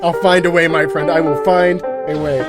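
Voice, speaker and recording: A man hosting a podcast, chatting casually about a movie, animated and quick to laugh. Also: fairly high pitch, over loud music. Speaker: podcast host. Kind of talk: casual movie-review chat.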